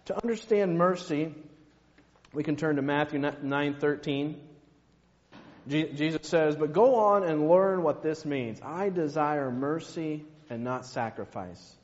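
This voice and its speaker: A man preaching a sermon, slow and emphatic, dropping to a hush on key words. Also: a little high. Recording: muffled, long hall reverb.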